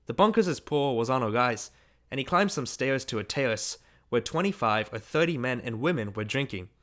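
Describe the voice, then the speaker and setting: A man reading a literary short story aloud as an audiobook narrator, in a measured, unhurried manner. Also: medium pitch, lively intonation, a bit bright.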